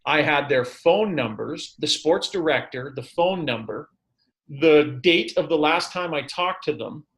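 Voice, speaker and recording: A man who is a sports broadcaster, a podcast guest telling stories in animated, self-deprecating casual chat. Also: a little high, a little slow, poor audio.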